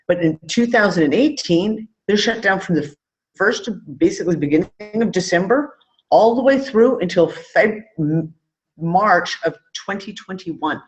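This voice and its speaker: Higher-voiced man on lo-fi call audio. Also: expressive, measured pace. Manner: loose, swearing, trailing off mid-thought. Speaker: podcast co-host. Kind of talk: casual live show chat.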